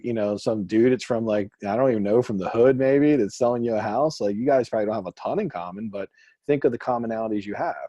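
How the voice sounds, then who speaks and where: A man coaching a group call, chatty and quick, acting out short quotes as he explains. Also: on the low side, warm tone, no room sound. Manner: fast, chatty, acts out quotes.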